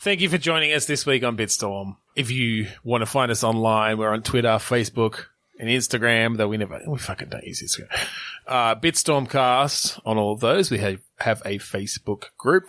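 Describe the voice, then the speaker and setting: A man's voice: medium pitch, moderate pace, fairly bright tone, dry recording. A man co-hosting a podcast in casual chat, joking and cutting in on his co-host.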